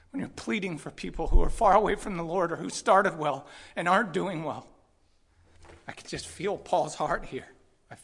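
A male pastor preaching a sermon with passion, swinging between loud pleading and quiet reflection. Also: a little high, vocal fry, husky.

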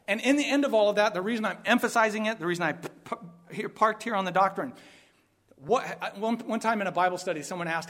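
Emphatic high-voiced male preacher. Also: quick pace. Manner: emphatic, shifts between soft asides and loud outbursts. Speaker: pastor. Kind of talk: sermon.

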